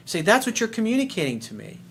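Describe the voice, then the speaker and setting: A man's voice: high-pitched, wildly swooping pitch, fast talker, a bit bright, a little hiss or hum. A man hosting a dating advice video, talking bluntly and sarcastically, with casual swearing. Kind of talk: casual advice monologue reading viewer letter.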